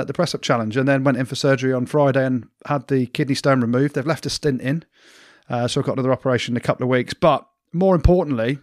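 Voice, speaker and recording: A man's voice: mid-range voice, no echo, clean studio sound. A man cohosting a podcast, telling a self-mocking story in casual banter and laughing often. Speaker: podcast co-host.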